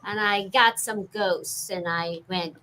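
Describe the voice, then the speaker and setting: An older woman from New York with a New York accent, a voice actor telling stories in a chatty, animated way at a live fan Q&A. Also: medium pitch, slow pace, a little hiss or hum. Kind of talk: chatty convention Q&A.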